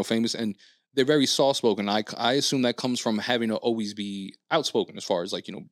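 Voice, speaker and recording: A man's voice: mid-range voice, no room sound, clean studio sound. A man co-hosting a podcast, telling a long story in casual chat, acting out quotes and cursing freely. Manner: animated storyteller, acts out quotes, frequent swearing and fillers. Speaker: podcast co-host.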